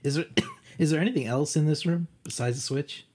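A man's voice: on the high side, brisk, darkish tone, husky. A man playing a tabletop game who talks casually and thinks aloud about his options. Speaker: player.

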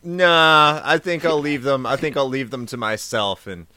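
A man's voice: mid-range voice, steady tone, a little slow, sharp tone, dry recording. A man guesting on a podcast, sarcastically and crudely ranting about a movie in casual chat.

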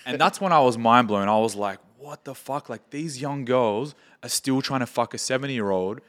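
A man's voice: mid-range voice, moderate pace, fairly bright tone. A young Australian man, a podcast guest, telling anecdotes in casual chat, swearing freely and quoting people in his stories.

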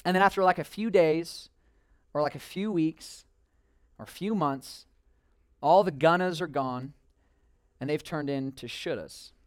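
A young man preaching in a casual, animated way, telling a funny personal story full of filler words. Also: on the high side, measured pace, pauses often, smooth, no echo, studio quality. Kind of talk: storytelling sermon.

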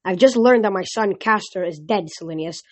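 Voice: mid-range voice, moderate pace, lightly acted. A reader doing a snappish, bored wine god. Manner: snappish, languid. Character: moody, bored wine god, grieving man.

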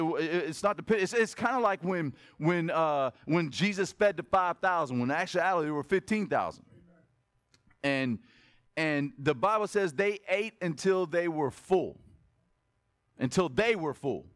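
Animated high-voiced male preacher. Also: a little slow, no room sound, clean studio sound. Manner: animated, swings between loud exclamation and soft asides; conversational, asks the congregation questions. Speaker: pastor. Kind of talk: sermon.

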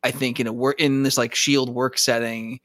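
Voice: medium pitch, little pitch movement, normal speed, fairly bright tone, no echo. Chatty podcast cohost, lots of restarts and little laughs, dry close mic. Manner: stammering, restarts often, chuckles while talking. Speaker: podcast co-host. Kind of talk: casual TV episode discussion.

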